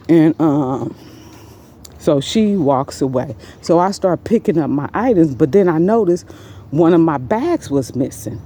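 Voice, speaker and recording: Animated woman telling a rambling story. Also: unhurried. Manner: animated, jumps much higher in pitch when quoting herself and others; rambling, many fillers and restarts. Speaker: storyteller recounting an incident. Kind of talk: casual first-person storytime.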